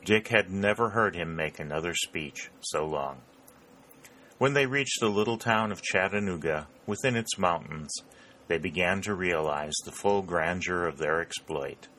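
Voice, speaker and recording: A man reading an audiobook in a measured, even narration. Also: sits low.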